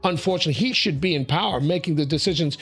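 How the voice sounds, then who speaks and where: A man's voice: a little high, very fast, slightly rough. Emphatic man hosting a heated panel. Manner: animated, emphatic, interrupts, calls people mate and sweetie; repeats words when building a point. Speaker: talk show host. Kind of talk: opinionated panel talk.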